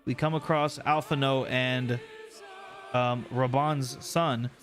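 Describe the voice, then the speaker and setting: A young male streamer talks casually to his chat in an animated, joking way, recapping a fantasy game's story. His voice sits at an ordinary mid pitch. Game music plays clearly behind him. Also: slow. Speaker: livestreamer.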